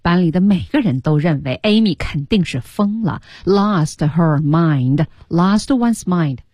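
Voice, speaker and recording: Woman radio English teacher, lively pitch, husky tone, dry close sound, playful explainer. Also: unhurried, no room sound. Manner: animated, explains words with playful sound imitations. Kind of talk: bilingual English lesson explaining a story.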